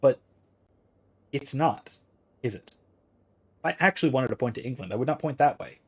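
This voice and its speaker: A man's voice: medium pitch, normal speed, slightly rough. A man in his thirties, a streamer talking through philosophy in a casual, rambling way as he thinks aloud and answers chat.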